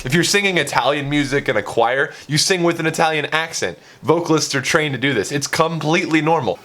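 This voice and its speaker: A man's voice: fairly high pitch, fairly quick, bright, forceful tone. A young man, a music producer, talking casually through his studio session, chatty and self-mocking, with plenty of fillers.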